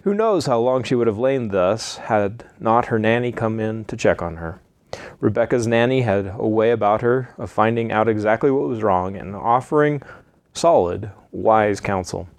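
A man reading a story aloud in an earnest, slightly halting way with small slips. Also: fairly low pitch, expressive, dry recording. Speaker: narrator.

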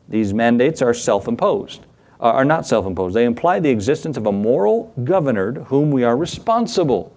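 A man's voice: medium pitch, big pitch swings, moderate pace, darkish tone. A middle-aged man, a pastor, teaching a sermon in a conversational way, asking the congregation for responses and acting out small skits in quoted voices.

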